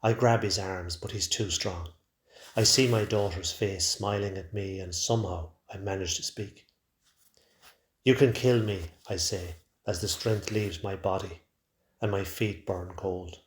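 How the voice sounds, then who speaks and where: A man narrating a first-person story in a quiet, measured way. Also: sits low, fairly even intonation. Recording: roomy echo.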